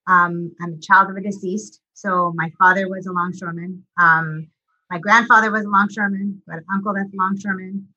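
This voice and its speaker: Bright-voiced middle-aged woman, halting. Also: medium pitch, steady tone, muffled recording. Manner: halting, with many ums and restarts. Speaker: union business agent and longshore worker. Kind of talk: casual interview talk.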